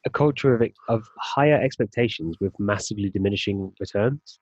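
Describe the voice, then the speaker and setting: A man co-hosting a casual podcast chat, laying out his argument in a measured way. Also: fairly low pitch, breathy edge, no room sound. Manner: measured, arguing a point calmly. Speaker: podcast co-host. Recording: dull lo-fi sound, dry.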